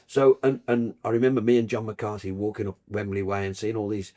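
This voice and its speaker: An older man from Birmingham, England tells football stories in a podcast chat. He is animated and slips into the voices of the people he describes. His voice sits a little low. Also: a little fast. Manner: animated storyteller, acts out voices in his tales. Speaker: football broadcaster, guest.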